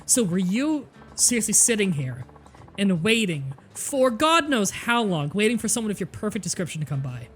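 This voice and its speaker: A woman streamer joking loudly and crudely while commenting on a game she is playing. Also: mid-range voice, sing-song, normal speed, slightly rough. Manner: loud, crude, laughing banter. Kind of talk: casual gameplay commentary.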